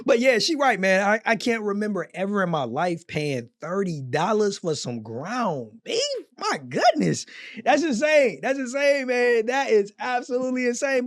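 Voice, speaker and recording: A man's voice: sits high, sing-song, moderate pace, no room sound, clean studio sound. A man giving casual, slangy reaction commentary on clips, laughing often as he talks.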